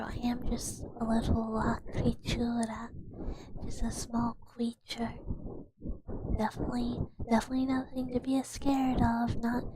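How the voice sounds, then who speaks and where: A woman streaming ASMR in whispered role-play, rambling in a soft, self-deprecating whisper. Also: a little high, background noise.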